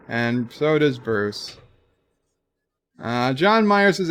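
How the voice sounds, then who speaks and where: A man hosting a casual livestream, reading chat messages aloud with dry, jokey replies. His voice is gravelly, a little high, and he takes his time. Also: animated, takes it slowly, fairly bright tone. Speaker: livestream host.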